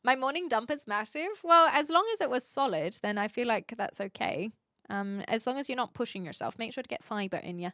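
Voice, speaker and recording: A woman's voice: a little high, lively intonation, fairly quick, sharp tone, no room sound, clean studio sound. A woman streamer with a mixed Australian and British accent, chatting casually as she reads out and answers her chat. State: sleepy.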